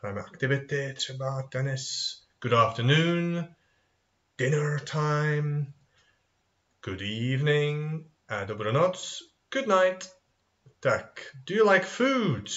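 Male kids' English teacher, bouncy sing-song delivery, unhurried, muffled lo-fi sound. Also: mid-range voice. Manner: animated, sing-song, models phrases and answers himself. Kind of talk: children's language lesson review. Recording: dull lo-fi recording.

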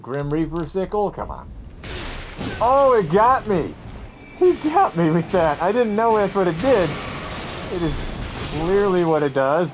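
A young man narrates his own gameplay in a loose, running commentary, swinging his pitch up and down as he reacts. He mutters to himself, then bursts into loud complaints at the screen. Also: measured pace, pauses often, noisy background. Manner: excitable, talks to himself and yells at the game. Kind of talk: casual let's-play commentary.

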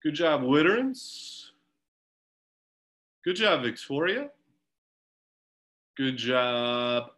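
Guy coaching swimmers over zoom, bright tense voice, chatty and encouraging. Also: medium pitch, poor audio. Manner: encouraging, chatty instructions with fillers. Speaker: swim coach. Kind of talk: leading a home workout over video call. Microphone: video call.

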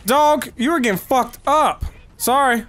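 A man giving profane, excitable let's play commentary, yelling at enemies as he plays. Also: extremely high pitch, a little slow. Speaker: gaming video host.

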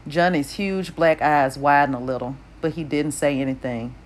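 A woman narrates an audiobook in a low voice. Her delivery is steady and even, with an unhurried storytelling manner.

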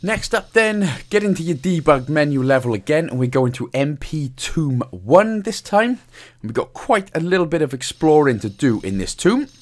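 Welsh man, game guide host, lively pitch, chatty and jokey. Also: moderate pace, hardly any pauses. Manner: chatty, jokey, swears casually. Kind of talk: casual game walkthrough commentary.

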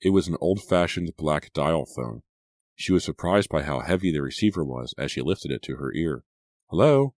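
A man narrating a horror audiobook in a measured, suspenseful reading. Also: very deep voice, darkish tone, dry recording.

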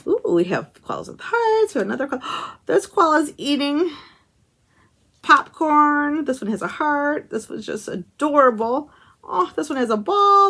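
A woman's voice: high-pitched, sing-song, measured pace, pushed and bright. Gushing woman unboxing crafts. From United States. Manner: gushing, exclaims often, chuckles. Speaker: craft channel host. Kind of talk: casual unboxing chat to camera.

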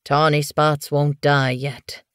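Slow and raspy, a grim old male cat healer issues his cryptic orders in a low, deliberate growl, as a woman narrator puts him on. He sounds commanding and ominous, with no roominess at all. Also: little pitch movement, fairly bright tone, no echo, studio quality.

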